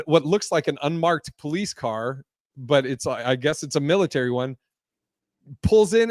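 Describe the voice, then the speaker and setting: A man telling a story in a casual podcast chat, animated and profane, laughing often as he talks. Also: a little high, no room sound, studio quality.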